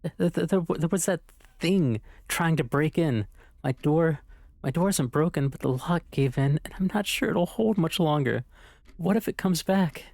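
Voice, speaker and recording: A man's voice: fairly high pitch, lively intonation, moderate pace, vocal fry, a little mellow, no room sound, clean studio sound, pitched above the performer's own voice. A man voicing a frightened young woman who stammers in panic on the phone in a game playthrough. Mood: panicked.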